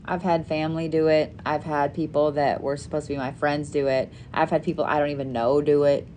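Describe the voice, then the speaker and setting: A woman hosting a casual live stream, telling stories with lots of swearing and lively asides to her audience. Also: sits low, brisk, slight background noise. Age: adult parent. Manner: animated storytelling, frequent swearing. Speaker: live-stream host making custom bracelets.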